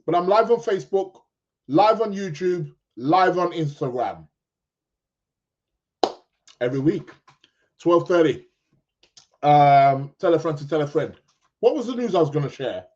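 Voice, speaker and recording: A man hosts a casual live-streamed chat, his voice sitting fairly high for a man. He rambles, laughs and trips over his words, correcting himself as he goes. The audio is dull and lo-fi. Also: expressive, a little slow, pauses often, darkish tone. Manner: chatty and rambling, with fillers, laughs and self-corrections. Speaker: podcast host.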